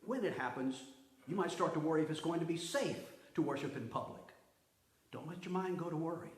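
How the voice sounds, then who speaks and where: A man, the pastor, preaching a sermon with emphatic delivery that swings from loud to hushed, recorded in a church sanctuary. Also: fairly high pitch, animated, fairly quick. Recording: roomy echo.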